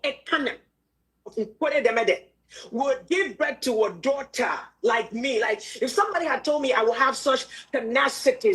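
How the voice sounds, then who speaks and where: A middle-aged woman hosting a casual livestream, laughing often and exclaiming emphatically between remarks. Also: a little high. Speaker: livestream host.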